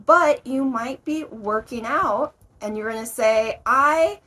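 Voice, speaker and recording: Woman English teacher, slow, careful delivery, somewhat high voice, acts out examples. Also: a bit bright, rough recording. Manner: slow, clear explanations with acted example lines. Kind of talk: explaining vocabulary to learners.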